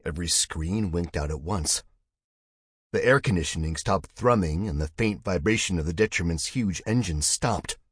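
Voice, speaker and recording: A man reading a science-fiction audiobook in a measured, steady scripted narration. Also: deep voice, breathy edge, dry recording.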